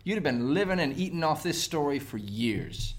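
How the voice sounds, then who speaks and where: A man's voice: a little high, lively intonation, moderate pace. A man in a casual panel chat, asking probing, skeptical questions.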